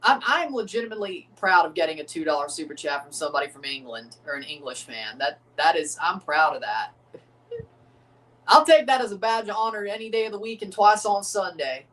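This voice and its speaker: A man's voice: high voice, sing-song, fairly quick, a bit bright, far from the mic. An American man, chuckling and rambling through casual live commentary while reacting to a soccer match. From United States.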